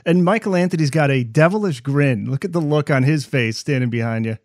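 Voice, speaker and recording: A man's voice: a little high, fairly quick, darkish tone, dry recording, clean studio sound. A man hosting an interview, asking friendly, encouraging questions. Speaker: interview host. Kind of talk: casual interview.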